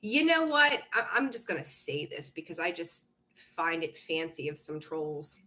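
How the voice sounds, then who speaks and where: A woman's voice: low-pitched, lively intonation, unhurried, pushed and bright. Woman, tarot livestream host, casual chat, chatty and rambling, full of ums. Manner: chatty, rambling, reads out viewer comments; frequent fillers and self-corrections. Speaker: tarot reader hosting a livestream.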